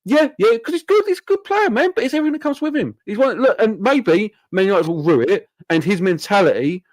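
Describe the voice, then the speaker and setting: A man's voice: sits high, fairly quick, no echo. A man in casual, banter-heavy football chat on a podcast. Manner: animated, banter-heavy, says "like" and "mate" often.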